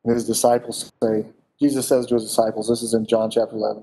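A man preaching a sermon in a conversational, animated way, asking the listeners questions. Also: medium pitch, quick pace.

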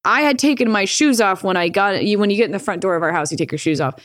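A young woman, a guest on a stream, casually retells a story in an animated way, laughing, swearing a lot, and leaning heavily on fillers like "like." Her medium-pitched voice is fast, with studio-quality sound and no room sound.

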